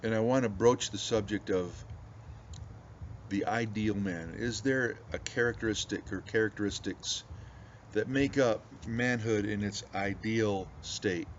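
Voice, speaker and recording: Folksy rambling American pastor, lowish voice. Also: male voice, unhurried. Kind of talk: casual pipe-smoking video chat. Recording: slightly dull audio with faint background noise.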